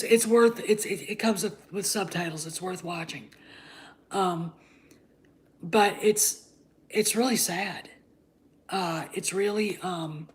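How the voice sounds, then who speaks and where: Female channel host, lower register, blunt casual rant with lots of profanity. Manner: blunt, heated, swears freely. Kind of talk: casual ranting commentary.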